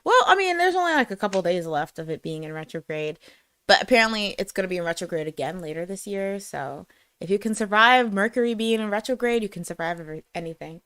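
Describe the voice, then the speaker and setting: Bright, giggly woman co-host. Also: medium pitch, animated, quick pace, clear, resonant tone, dry recording. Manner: giggly, self-deprecating, rambling. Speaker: podcast co-host. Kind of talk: casual chat reading live comments.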